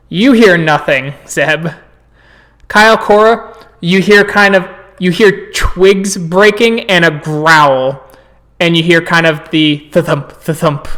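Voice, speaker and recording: A man's voice: fairly high pitch, fairly bright tone. A man narrating as game master, describing violent scenes with spoken sound effects.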